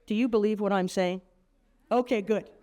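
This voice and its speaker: A woman around fifty with a brash, joking manner, giving an energetic motivational speech to teenage girls as a keynote speaker. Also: mid-range voice, normal speed. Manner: brash, joking, punchy storyteller.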